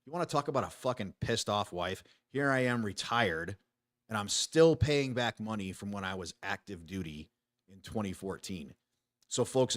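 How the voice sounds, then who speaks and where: This forties-aged American man, retired from the Army, hosts a casual podcast talk show out of a small home studio. He's blunt and foul-mouthed, restarting sentences often, with a lowish voice and a fairly bright tone. The recording is dry and studio-clean.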